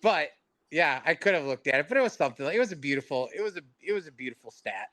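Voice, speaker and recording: Slightly high-voiced blunt man. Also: lively intonation, fast, fairly bright tone, no room sound. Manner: blunt, rambling takes. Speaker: podcast guest. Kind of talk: casual sports chat.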